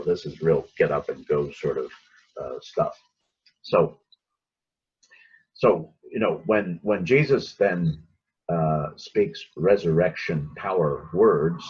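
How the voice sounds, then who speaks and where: Man, very low voice, raspy, informal Bible teaching, conversational, dull lo-fi recording. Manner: conversational, acts out quoted lines.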